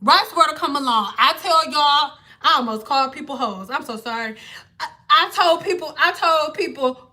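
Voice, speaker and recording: Woman going off on a rant, high bright voice, cussing a lot. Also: animated, moderate pace. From Detroit. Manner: blunt, ranting, swearing freely. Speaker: hair vlogger. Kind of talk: casual rant to camera.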